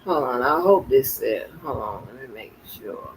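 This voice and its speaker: Slow-talking man chatting casually. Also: fairly high pitch, sing-song, poor audio. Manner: chatty, laughs often, slow restarts. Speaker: host reacting to a story. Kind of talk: casual reaction chat.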